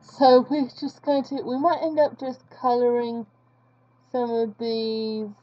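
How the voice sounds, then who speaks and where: A young woman talks to her viewers while she draws, drifting from thought to thought and making fun of herself. She speaks slowly in a fairly high voice. The recording sounds a bit dull and muffled. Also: flat delivery. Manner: rambling, self-mocking chatter. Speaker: art vlogger. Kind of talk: casual chat while drawing.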